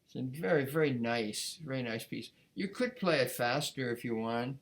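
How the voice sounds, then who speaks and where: Man teaching violin, relaxed explaining. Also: medium pitch, moderate pace, faint music behind. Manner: gentle, explanatory, with repeated restarts and sung counting. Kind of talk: casual instructional talk.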